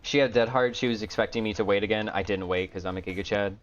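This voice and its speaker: A man streaming a game, talking to himself in a low-energy, grumbling way and swearing often. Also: steady tone, quick pace. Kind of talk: casual gameplay commentary. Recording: dull lo-fi stream audio.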